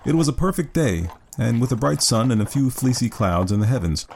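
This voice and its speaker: A man narrating a classic story as an audiobook in a measured, even reading. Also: medium pitch, creaky, a little hiss or hum.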